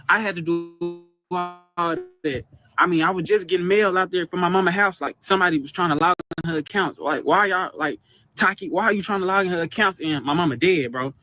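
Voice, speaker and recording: Forceful and bright, this twenty-year-old guest's high voice races through a rambling complaint about his family. He sounds aggrieved and keeps circling back over the same points.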